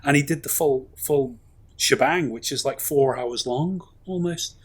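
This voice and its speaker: A man's voice: medium pitch, unhurried, husky. A man co-hosting a film review podcast, chatting casually and rambling enthusiastically with many fillers and asides. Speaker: podcast co-host.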